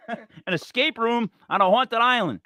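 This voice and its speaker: A man hosting a talk show, rambling and joking in an animated, digressive way. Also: extremely high pitch, unhurried. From Italian-American. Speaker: podcast host.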